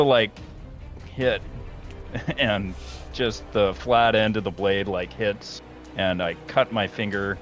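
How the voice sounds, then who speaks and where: A man playing a tabletop game, talking casually in a halting, hesitant way with many fillers. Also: fairly low pitch. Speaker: player.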